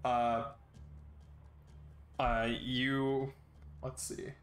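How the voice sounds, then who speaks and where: A man narrating a tabletop game as game master, relaxed and with many fillers. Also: mid-range voice, very slow, slight background noise.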